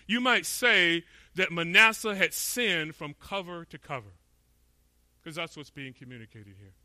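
A middle-aged pastor from Florida preaches an expository sermon with emphasis, asking rhetorical questions and giving voice to imagined speakers. His voice is high, pushed and bright, with no room sound.

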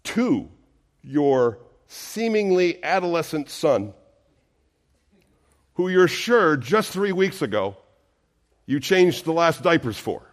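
A man's voice: on the high side, sing-song, takes it slowly, long pauses. A male pastor preaching a sermon, earnest and emphatic, full of rhetorical questions.

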